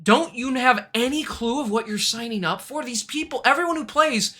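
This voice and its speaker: A man's voice: very high-pitched, moderate pace, bright, forceful tone. A man hosting a casual podcast, recapping a show in a chatty way and acting out quotes. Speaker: podcast host. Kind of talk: casual chat.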